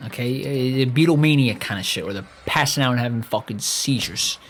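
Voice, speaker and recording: A man's voice: medium pitch, brisk. A young man hosting a podcast, ranting in a rambling, profane way with lots of stammering restarts. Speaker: podcast host. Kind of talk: casual rant.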